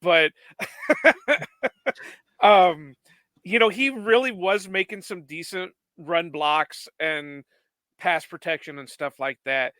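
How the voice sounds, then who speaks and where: A man's voice: sits high, slow, long pauses, bright, forceful tone, no echo. A man co-hosting a podcast, chatty and laughing often as he tells stories in casual conversation. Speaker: podcast co-host.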